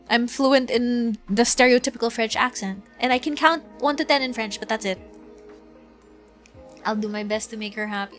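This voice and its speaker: A young Filipino woman, a VTuber streamer from the Philippines with a Filipino accent, chats and giggles while playing a video game, reads game text aloud, and switches between English and Tagalog. Her voice is fairly high, at normal speed with long pauses, and faint music plays behind her.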